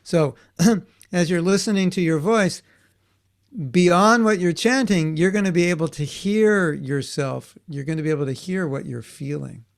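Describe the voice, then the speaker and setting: A man's voice: high-pitched, measured pace, gravelly. A man teaching a class for children in a conversational way, often checking in with his students and restarting his sentences. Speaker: workshop teacher for kids.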